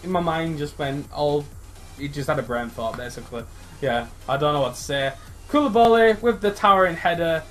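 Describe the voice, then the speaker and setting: A young man commentating live on his own football video game match. He is excitable, shouting encouragement and groaning at his players, with his voice jumping sharply higher when a chance comes. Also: brisk, faint music behind. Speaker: gaming YouTuber.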